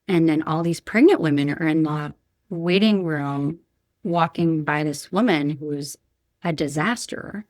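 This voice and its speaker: A woman's voice: deep voice, measured pace, a little mellow, dry recording, studio quality. A woman in her thirties, a podcast guest, telling a painful personal story candidly, frank and emotional with many restarts.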